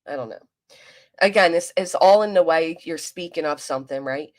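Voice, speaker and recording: A woman's voice: lowish voice, fairly quick. A woman with a South Jersey accent near Philadelphia, giving blunt, profane live-stream commentary and answering her chat. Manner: reads and answers chat aloud.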